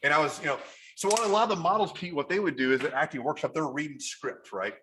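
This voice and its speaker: A man from Kentucky, a podcast guest, telling stories in a casual interview, animated and full of "like" and "you know". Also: fairly high pitch, fast, slight background noise. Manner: animated storyteller, heavy use of "like" and "you know". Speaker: podcast guest, model photographer.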